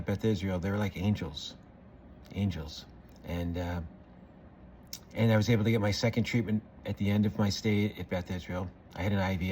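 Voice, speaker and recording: A man's voice: lowish voice, darkish tone, a little hiss or hum. A middle-aged man talking earnestly and reflectively to camera, rambling with many fillers and restarts. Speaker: vlogger. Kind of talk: personal reflective monologue.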